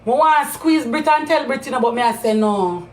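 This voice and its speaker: A high-pitched Jamaican woman on a live stream, hammering the same accusations over and over and breaking into loud shouts. Her voice rings around an echoey room. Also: expressive, normal speed. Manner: accusing, repetitive, loud outbursts. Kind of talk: heated live-stream rant.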